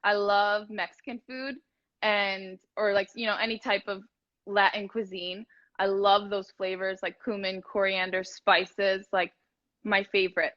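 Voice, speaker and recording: A woman's voice: medium pitch, level tone, unhurried, fairly bright tone, dull audio. A woman chatting casually as a guest cook, rambling with lots of fillers, over a video call. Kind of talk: casual cooking chat.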